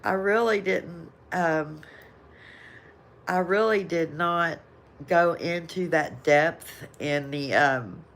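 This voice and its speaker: A woman's voice: deep voice, a bit bright. An older woman with a Southern American accent, hosting a casual live chat and reading viewer comments, rambling and laughing often. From Southern United States. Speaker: livestream host.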